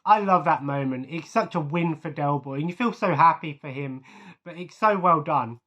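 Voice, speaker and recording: A man's voice: on the high side, moderate pace, bright, forceful tone, muffled recording. A man in casual chat, rambling through his favourite scenes with many fillers and chuckles. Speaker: vlogger.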